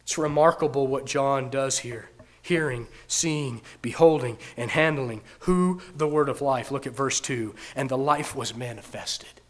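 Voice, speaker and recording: A male preacher delivering a sermon emphatically, rising to loud proclamations. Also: medium pitch, unhurried.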